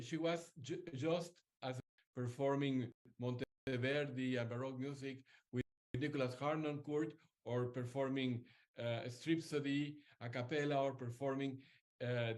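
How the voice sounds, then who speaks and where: A man's voice: medium pitch, steady tone, measured pace, darkish tone. A man hosting an interview, thoughtful and hesitant, often searching for his words. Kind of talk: conversational interview.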